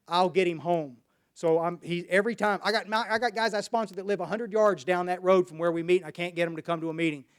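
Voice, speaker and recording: A man's voice: high voice, smooth. A man from Dallas, Texas, telling his personal recovery story at a meeting in a folksy, rambling way with many restarts.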